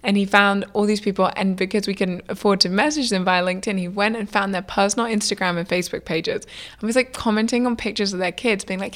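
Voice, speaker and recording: A young woman, a food business founder, telling stories in a casual interview in a chatty, lively way, acting out what people said. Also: mid-range voice, fast talker. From United Kingdom. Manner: chatty, lively, many "like" fillers, acts out quoted dialogue.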